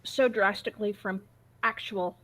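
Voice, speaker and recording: A woman's voice: medium pitch, fairly even intonation, moderate pace, fairly bright tone. A woman guest in a casual chat, affectionate and opinionated.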